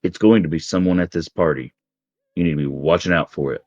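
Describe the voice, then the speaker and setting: A man's voice: low-pitched, a little fast, darkish tone, dry recording, dull audio. A man narrating as game master of a tabletop game in a casual, rambling way, with many ums.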